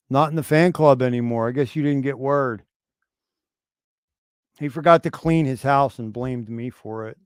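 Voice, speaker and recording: A man hosting a casual livestream, talking in a profane, animated way and acting out mocking voices. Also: mid-range voice, clear, resonant tone, no echo, clean studio sound. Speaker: podcast host.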